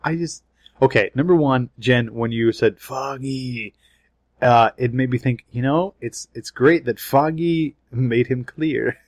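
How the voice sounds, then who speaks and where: A man co-hosting a casual podcast chat, animated, swearing and laughing between points. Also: mid-range voice, a little slow, no echo. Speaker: podcast co-host.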